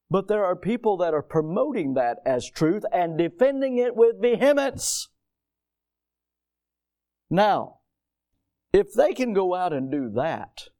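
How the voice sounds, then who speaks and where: Mellow-voiced man preaching a sermon. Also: fairly high pitch. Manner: preaching, rising to emphatic declarations, reads scripture aloud. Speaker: pastor.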